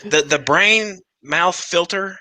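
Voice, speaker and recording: A man's voice: sits high, slow, bright, forceful tone, no echo, poor audio. A man guesting on a casual podcast chat, laid-back and laughing easily.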